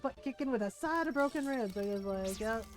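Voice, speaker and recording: Chatty high-voiced woman streamer. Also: brisk, faint music behind, poor audio. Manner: chatty, animated, swears freely. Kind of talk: casual gameplay commentary.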